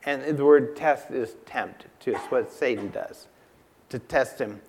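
A man preaching a sermon in a church, emphatic and unhurried, asking the congregation rhetorical questions and repeating key lines. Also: medium pitch, a little mellow, slight background noise. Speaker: pastor.

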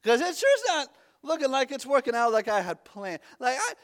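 A pastor preaching a conversational sermon, often restarting his words and dropping suddenly to a hush. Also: very high voice, very animated, moderate pace.

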